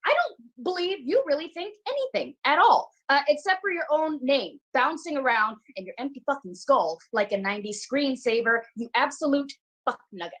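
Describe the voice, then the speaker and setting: A foul-mouthed actress who tears into her castmates over a video call, in a high, biting voice full of scorn. Her insults come out sharp and relentless. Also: animated, moderate pace, hardly any pauses, low-quality recording. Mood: contemptuous. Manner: insulting, swearing. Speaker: actor in a Zoom rehearsal.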